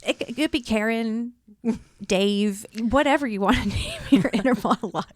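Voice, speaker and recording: A woman's voice: fairly high pitch, moderate pace, no room sound, clean studio sound. A woman co-hosting a podcast in casual chat, talking candidly and swearing now and then. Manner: candid, swears casually, acts out inner voices. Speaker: podcast co-host.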